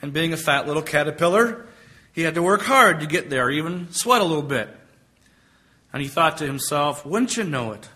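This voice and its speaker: Male preacher, high voice, emphatic delivery with drawn-out contrasts. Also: sharp tone. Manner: emphatic, stretches key phrases. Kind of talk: sermon with storytelling.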